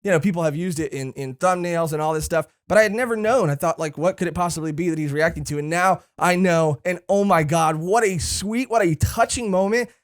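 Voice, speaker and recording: A man co-hosting a podcast in casual chat, excitable and fond of saying "dude". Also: fairly high pitch, a little fast, hardly any pauses. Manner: excitable, says "dude" a lot; muffled by a cosplay helmet and beard. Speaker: podcast co-host.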